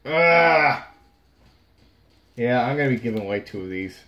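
A young man casually talking through opening trading card packs on a vlog, frustrated, swinging between low muttering and sudden outbursts. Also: rapid-fire, dull audio. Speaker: card pack opener.

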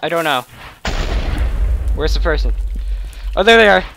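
A young man giving excited, shouting gameplay commentary with a gravelly voice. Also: on the high side, moderate pace, a little hiss or hum. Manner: shouting, laughing, hyper reactions. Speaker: gaming channel host.

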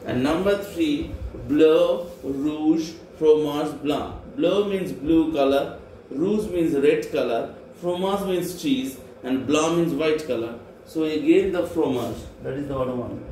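A man's voice: on the high side, slow pace, dark tone. A male French teacher, patiently repeating each word and spelling it out letter by letter for a class. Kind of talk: slow classroom dictation, spelling words letter by letter. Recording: echoey classroom with faint hum.

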